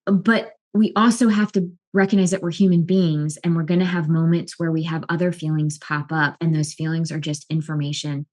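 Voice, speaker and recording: A middle-aged woman, a life and wellness coach, explaining emotions in a calm, earnest way with frequent restarts. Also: deep voice, brisk. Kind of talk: explanatory talk to camera.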